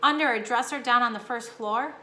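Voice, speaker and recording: Casting: a woman voicing a cocky young mouse hero, quick, bright delivery. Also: on the high side. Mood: boastful. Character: small young male mouse, proud and boastful. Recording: echoey room, faint hum.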